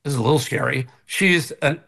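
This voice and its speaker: An older man, a guest on a video call from his kitchen, telling an animated story and acting out both sides of the conversation. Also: medium pitch, brisk, creaky, husky. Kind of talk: casual storytelling. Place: kitchen at home.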